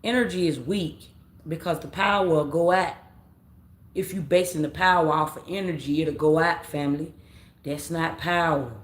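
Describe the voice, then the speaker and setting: A woman reading tarot on a late-night live stream, talking casually in slang, rambling, repeating herself and calling her viewers family. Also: sits low. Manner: rambling, repeats phrases, scolds commenters. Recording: roomy echo with faint background noise.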